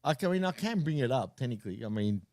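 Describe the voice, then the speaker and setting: A man's voice: medium pitch, sing-song, fast, darkish tone, no room sound, studio quality. A man co-hosting a casual wrestling podcast, laughing often and telling loose stories full of "dude" and "man". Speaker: podcast co-host.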